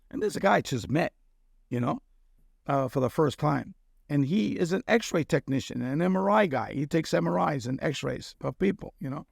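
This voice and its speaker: Speaking as a guest in casual conversation, a middle-aged Cuban man earnestly relates a personal story, repeatedly checking with his listener through a brief "okay?". The gravelly, somewhat raised voice sits on the high side, captured close and dry with no echo.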